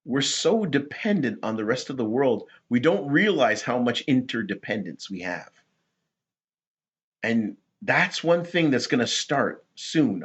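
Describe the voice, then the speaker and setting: A man hosting rambling political commentary, talking in a rhetorical, animated way. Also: medium pitch, breathy edge. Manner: animated, rhetorical, laughs at his own points.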